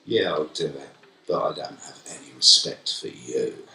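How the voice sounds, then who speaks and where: A man's voice: a bass voice, expressive, moderate pace, creaky, bright, forceful tone, pitched below the performer's own voice, exaggerated voice. A man playing a spiteful teenage pupil who sneers insults under their breath. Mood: contemptuous. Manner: muttering, sneering. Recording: echoey hall, mic from far off.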